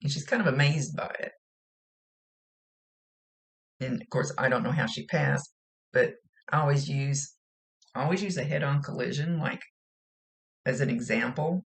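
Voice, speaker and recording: Gravelly-voiced chatty woman medium. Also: extremely low pitch, moderate pace. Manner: rambling, chatty, laughs often. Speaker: psychic medium. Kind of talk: casual spoken reading.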